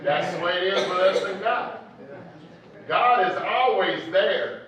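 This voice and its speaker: A man's voice: sits high, measured pace, crowd noise. A man preacher giving a folksy, joking sermon in a conversational storytelling manner. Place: church hall. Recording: echoey, distant, dull church recording.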